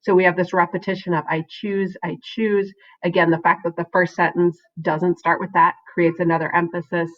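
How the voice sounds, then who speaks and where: A woman's voice: fairly low pitch, level tone, brisk, hardly any pauses, dull audio. A woman teacher giving a recorded writing lesson to her class, encouraging and often checking in with "right?" between points.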